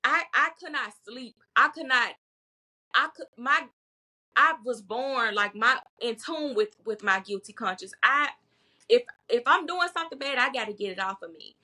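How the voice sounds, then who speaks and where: A woman's voice: fairly high pitch, normal speed, pushed and bright. A woman speaking as a herbalist guest in a casual podcast chat, bold and emphatic, often repeating words to drive a point home.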